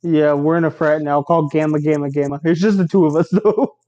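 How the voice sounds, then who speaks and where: A man's voice: on the high side, steady tone, a little fast, dark tone, highs cut off. Joking young man on a podcast. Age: young adult. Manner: joking, rambling, swears freely. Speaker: podcast co-host. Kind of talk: casual podcast chat. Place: college dorm.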